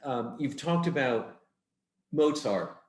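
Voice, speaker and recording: A man's voice: medium pitch, expressive, slow, roomy sound. A man interviewing an opera singer, listening attentively and asking supportive questions. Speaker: interviewer, arts organization head. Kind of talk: oral history interview.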